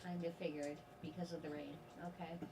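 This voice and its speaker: A woman's voice: deep voice, level tone, a little fast. A woman playing in a tabletop game, speaking hesitantly with many fillers. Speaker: player. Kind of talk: tabletop role-play chat. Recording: distant mic, faint hiss.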